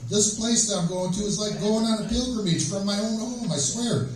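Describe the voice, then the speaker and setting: A man telling rambling stand-up stories on a small club stage, with fillers and a deadpan delivery. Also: high-pitched, normal speed. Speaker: amateur stand-up comic. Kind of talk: stand-up set. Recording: echoey room from far off with crowd.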